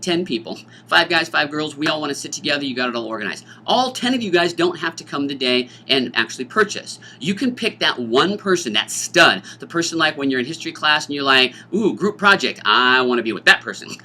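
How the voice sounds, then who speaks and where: A middle-aged man, a teacher, explaining a school dance's rules to students in an animated, joking way, often acting out student voices. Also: a little high. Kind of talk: informational talk to students.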